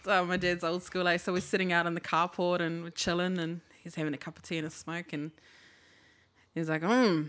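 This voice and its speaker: A woman, chatting casually as a podcast co-host. Her voice sits a little low for a woman. She talks candidly, swears freely and acts out the lines of people in her stories. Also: monotone, a little fast, fairly bright tone. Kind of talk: casual chat.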